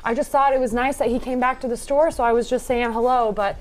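A woman's voice: on the high side, steady tone, fast. A woman co-hosting a casual chat podcast, telling a story and acting out the people in it. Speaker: podcast co-host.

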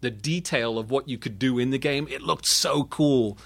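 A man's voice: mid-range voice, moderate pace, a bit bright. British man, rambling and self-deprecating. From Britain. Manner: rambling, self-deprecating, frequent restarts and laughter. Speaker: guest. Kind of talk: casual conversation.

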